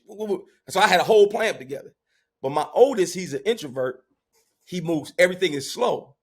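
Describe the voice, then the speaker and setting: Husky, animated storytelling man. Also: a little high. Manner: animated storyteller, shouts when quoting himself. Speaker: podcast guest. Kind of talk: casual storytelling.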